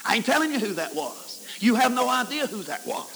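A man preaches at a camp meeting, his high, bright voice ringing through a large hall with a long reverb. He moves from folksy stories to sudden shouts and hushed whispers. The old recording carries a faint hiss. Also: sing-song, brisk, gravelly.

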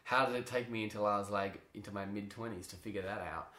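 Aussie guy, lowish voice, chatty storyteller laughing a lot, echoey room. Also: quick pace. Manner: animated storyteller, laughs often, restarts sentences. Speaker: interview guest, drama teacher. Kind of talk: casual interview chat. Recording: roomy echo.

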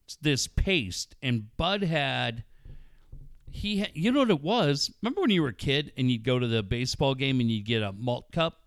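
A middle-aged man hosting a casual sports talk show, telling a story and acting out the quotes loudly, swearing freely. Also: medium pitch, animated, moderate pace, no echo, studio quality. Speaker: radio host.

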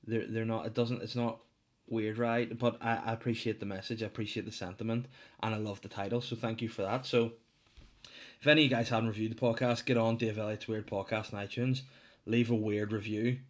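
A man hosting his own podcast, rambling and joking about himself with many restarts. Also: fairly low pitch. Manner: rambling, jokey, self-mocking, many restarts. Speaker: podcast host. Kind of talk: casual solo podcast chat.

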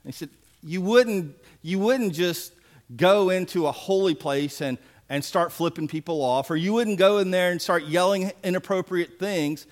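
A man's voice: high voice, normal speed. A man preaching a sermon as pastor, folksy and emphatic with playful asides.

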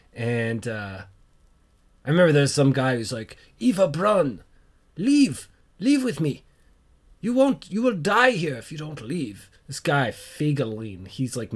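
A man's voice: medium pitch, darkish tone. A man hosting a casual solo podcast, rambling and joking at his own expense, with lots of fillers and asides. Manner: rambling, joking, self-deprecating; frequent fillers and trailing asides. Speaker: podcast host.

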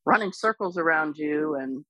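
A woman dog trainer speaking as an interview guest, explaining patiently and calmly, with lively bursts when she imitates other people. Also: deep voice, normal speed, no echo, poor audio. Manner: calm, explains patiently, animated when imitating excited owners. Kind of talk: casual explanatory interview talk.

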